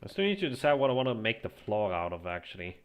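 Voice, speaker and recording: A man with a fairly low voice talks through his gameplay at his computer, relaxed and musing aloud. He often restarts his sentences as he thinks. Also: fast, highs cut off. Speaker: streamer. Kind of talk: casual gameplay commentary.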